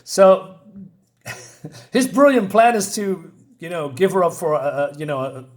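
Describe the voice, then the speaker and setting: A man's voice: on the high side, lively intonation, unhurried. Chuckling, rambling male comic reviewer. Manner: chuckling, rambling with many fillers. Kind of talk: casual comic review with retold dialogue.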